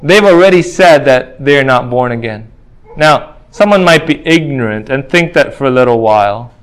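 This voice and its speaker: A man's voice: mid-range voice, animated, normal speed. A man preaching a sermon, earnest and insistent, reading scripture aloud and repeating key phrases for emphasis.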